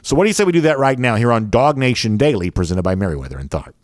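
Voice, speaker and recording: A man's voice: mid-range voice, expressive, rapid-fire. A man with a Southern accent hosting a sports show, chatting casually and reading viewer comments with lots of fillers. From American South.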